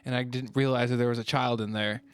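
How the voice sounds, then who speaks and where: A man's voice: mid-range voice, flat delivery, a little fast, smooth. A man playing his character in a tabletop game, thinking aloud and repeating himself. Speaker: player. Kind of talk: casual tabletop play.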